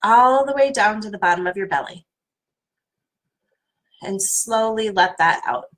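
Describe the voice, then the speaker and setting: Middle-aged woman coach, mid-range voice, gently guides listeners through tapping. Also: medium pitch, measured pace, rough recording. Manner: calm, soothing guidance with playful repeated names.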